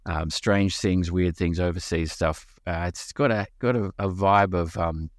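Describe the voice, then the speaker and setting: A man co-hosting a podcast, chatting in a halting way. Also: sits low, no echo, clean studio sound. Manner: halting, full of fillers and restarts. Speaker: podcast co-host. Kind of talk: casual chat.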